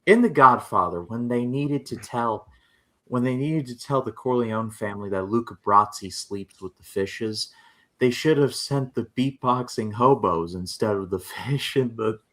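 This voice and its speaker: A man's voice: medium pitch, a little slow, fairly bright tone. A man co-hosting a casual podcast chat, making dry joking asides. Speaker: podcast co-host.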